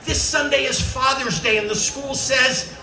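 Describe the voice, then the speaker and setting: A man voicing young children who whine and plead with their father, in a high shouting voice. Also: unhurried, soft background music, full character voice. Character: whiny young children begging their dad. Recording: echoey stage from far off.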